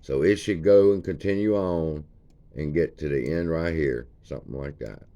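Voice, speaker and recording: A man's voice: rumbling low, normal speed, dark tone, dull audio. A man, casually walking viewers through a chart for his stock channel. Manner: folksy, points at chart features as he talks. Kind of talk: casual screen-share chart walkthrough.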